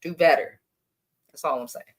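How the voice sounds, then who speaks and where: Female recap co-host, lowish voice, blunt and opinionated. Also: normal speed. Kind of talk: casual recap chat.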